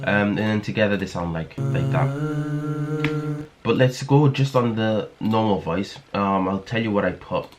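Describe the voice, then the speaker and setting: A man with a fairly low voice hosts a casual, screen-recorded music production tutorial at a normal speed. He sounds hesitant, with lots of fillers and restarts.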